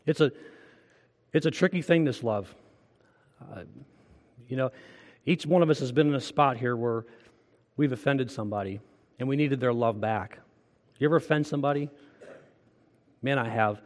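A man's voice: medium pitch, normal speed, pauses often, long reverb tail. A man preaching a sermon as pastor, earnest and conversational, asking the congregation direct questions. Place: church.

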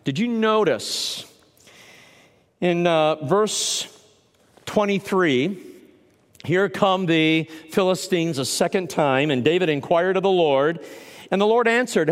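A man's voice: high-pitched, animated, slow pace, pauses often, in a large hall. A man preaching a sermon, emphatic, repeating key phrases and putting questions to the congregation. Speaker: pastor.

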